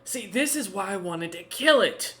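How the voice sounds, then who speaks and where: A man's voice: sits high, lively intonation, moderate pace, pushed and bright, roomy sound, pitched above the performer's own voice. A man voicing a smug, teasing male adventurer in a tabletop game, with a lifted, mocking delivery.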